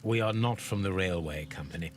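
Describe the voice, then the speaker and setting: A man voicing a calm, polite detective in a video game, speaking in a formal, composed way. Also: low voice, fairly quick, slight background noise, natural voice.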